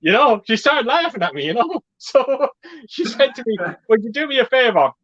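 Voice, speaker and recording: A man's voice: very high voice, sing-song, normal speed, a bit bright, lo-fi sound. A man hosting a casual group chat, telling stories with lots of swearing and laughter. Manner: swearing storyteller, laughs often. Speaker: host.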